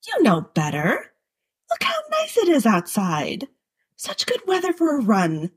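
A woman voicing a gushing, sentimental middle-aged mother, high and sing-song, in a story reading. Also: wildly swooping pitch, unhurried, breathy edge, exaggerated voice. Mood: scolding. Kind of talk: audiobook character voice.

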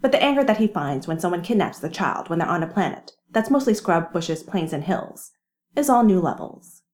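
A woman reading a fan story aloud with lively, wry storytelling. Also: fairly low pitch, normal speed. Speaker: reader. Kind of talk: fan fiction narration.

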